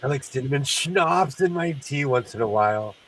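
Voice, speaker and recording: A man's voice: mid-range voice, lively intonation, normal speed, fairly bright tone, distant mic, slight background noise, low-quality recording. Chatty congested man hosting a sewing stream. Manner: rambling, chatty, laughs often. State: congested, sinus trouble. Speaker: host of a sewing livestream. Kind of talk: casual chat while sewing.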